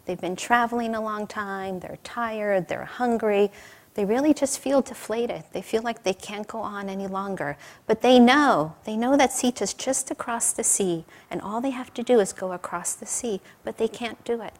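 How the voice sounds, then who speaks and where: A woman's voice: medium pitch, moderate pace. A woman giving a sermon, telling stories in a conversational way with light laughter and questions to the audience. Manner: warm storytelling with light laughter. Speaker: spiritual teacher. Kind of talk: sermon with storytelling.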